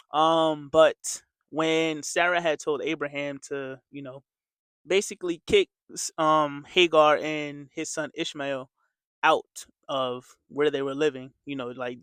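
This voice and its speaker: A man's voice: fairly high pitch, fairly bright tone, smooth, no room sound. A man giving a casual, earnest motivational faith talk as a coach, talking conversationally and repeating his points. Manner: earnest, repetitive, conversational with many fillers.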